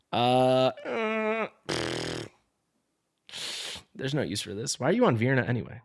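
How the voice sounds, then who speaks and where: Animated man griping through game gear. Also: mid-range voice, takes it slowly, vocal fry, long pauses, slightly rough. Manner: exasperated, joking, playfully dramatic. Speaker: game streamer. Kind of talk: live gameplay commentary.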